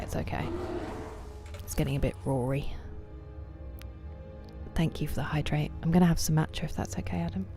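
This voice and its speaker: A woman streaming a game, chatting casually with viewers, greeting them by name and often dropping to a soft near-whisper. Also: low-pitched, normal speed, vocal fry, pauses often, over music. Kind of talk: casual live-stream chat while gaming.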